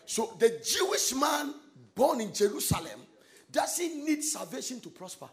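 Man, preacher, gravelly edge, lively pitch, emphatic sermon delivery. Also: unhurried, a faint crowd. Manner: emphatic preaching with sudden shouted, sung-out phrases and laughter. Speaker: pastor.

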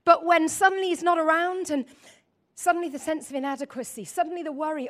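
A woman preaching a lively sermon, joking with her audience and acting out scenes. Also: high voice, fast. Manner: animated, laughing, acts out voices.

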